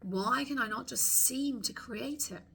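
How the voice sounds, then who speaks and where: A woman leading a guided tapping meditation, slowly voicing frustrated thoughts for the listener to repeat. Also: fairly high pitch, bright, forceful tone, breathy edge. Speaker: tapping coach.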